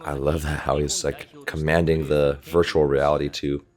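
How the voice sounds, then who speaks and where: A volleyball coach with a bass voice chats casually through an anime reaction, pointing out small animation details at a moderate pace and with little pitch movement. He's using a desktop USB microphone.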